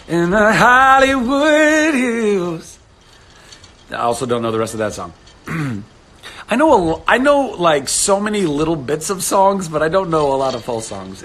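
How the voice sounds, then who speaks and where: A man in his thirties hosting a casual live stream from home, chatting with viewers, animated and laughing often. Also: vocal fry, slightly rough, rough recording. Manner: animated, laughs often, jumps to sudden high exclamations. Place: home studio indoors.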